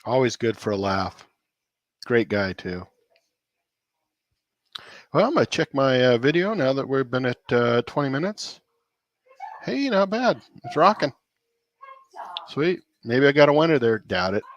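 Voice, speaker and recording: A man's voice: medium pitch, big pitch swings, a little slow, pauses often, dry recording, dull audio. A man hosting a casual cooking livestream, rambling and chuckling as he chats with viewers. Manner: laid-back, rambling, chuckling often. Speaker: cooking channel host on a livestream.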